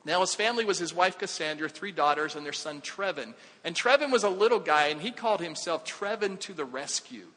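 A male pastor with a fairly high, bright voice preaches in a church hall. He talks to the congregation conversationally, tossing out questions and sinking to quiet emphasis. His voice rings with a long hall reverb. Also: expressive, brisk, few pauses. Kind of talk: sermon.

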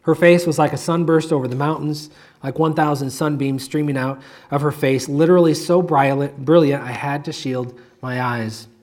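A man preaching a sermon, reading a moving story aloud. His delivery is measured, and he slows and drops to a hush on the key phrases. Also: on the high side, fairly even intonation. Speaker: pastor.

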